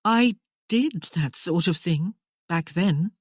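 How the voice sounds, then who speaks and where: Brief: woman voicing a poised, breezy society lady, brightly lilting delivery, dry close sound. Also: lowish voice, animated, slow, breathy edge, dry recording, full character voice. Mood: flippant. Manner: light, airy and dismissive. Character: poised, flippant widowed young lady.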